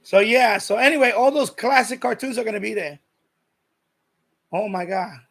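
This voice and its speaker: A man's voice: high voice, moderate pace, creaky, a bit bright. A man hosting a live stream, chatting casually and rambling, repeating himself and reading viewer comments aloud.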